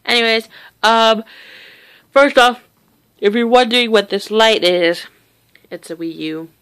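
A woman's voice: on the high side, fairly even intonation, unhurried, fairly bright tone, smooth, no room sound. A teenage girl vlogging casually from her bed at home, chatty and rambling, with casual swearing. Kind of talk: casual chat.

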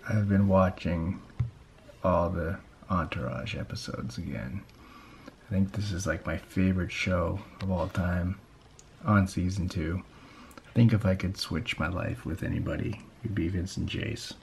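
A man's voice: sits low, normal speed, creaky, slight background noise. A man talking casually to a handheld camera in a vlog, upbeat and chatty. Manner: chatty and upbeat, drops to a hushed whisper at night. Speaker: vlogger.

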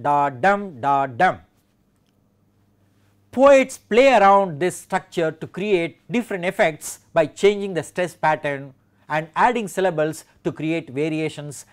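A man with an Indian English accent giving a measured lecture on poetic meter and reading verse aloud with clear stress. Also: fairly high pitch.

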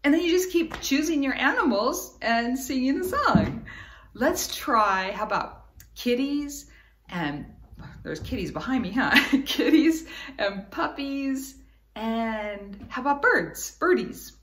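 A woman with a slightly high voice teaches young children from her living room. She sounds cheerful and encouraging and speaks directly to her young audience. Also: animated, slow, a bit bright. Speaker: children's Bible lesson presenter.

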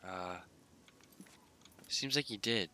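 A man's voice: on the low side, slow, bright, forceful tone, slight background noise. A man casually commenting on his gameplay in a laid-back, drowsy, mumbling way. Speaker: gaming YouTuber.

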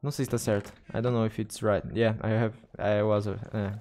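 A man's voice: on the low side, little pitch movement, fairly quick, a little mellow, a little hiss or hum. A man with a Brazilian Portuguese accent, streaming a game and chatting to viewers in English, often repeating and restarting his words. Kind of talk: casual gaming livestream chat.

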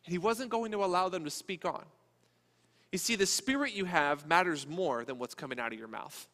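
A man preaching a sermon as a pastor, speaking in a conversational, animated way. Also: high-pitched, a little fast. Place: church sanctuary. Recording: long church reverb.

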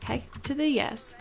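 Bubbly young woman with slow gravelly talk. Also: mid-range voice. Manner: bubbly, gushing, lots of ums. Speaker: let's play host. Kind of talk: casual gameplay commentary.

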